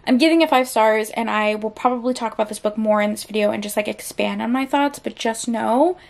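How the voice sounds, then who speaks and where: A woman's voice: fairly high pitch, fairly quick, gravelly. A young woman chatting casually in a reading vlog, gushing about books and filling her talk with "like", recorded in a parked car. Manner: gushing, chatty, heavy use of "like". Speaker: book vlogger.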